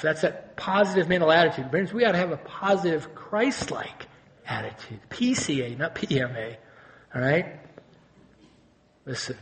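High-pitched guy preaching, gets loud then drops real quiet, keeps asking the crowd questions. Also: moderate pace. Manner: animated, swings between loud exclamations and quiet intensity; asks the congregation rhetorical questions. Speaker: pastor. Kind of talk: sermon.

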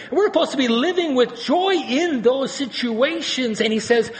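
A male pastor preaching a sermon, animated, swinging between loud exclamations and quiet intensity and asking the congregation rhetorical questions. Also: extremely high pitch, normal speed, hardly any pauses.

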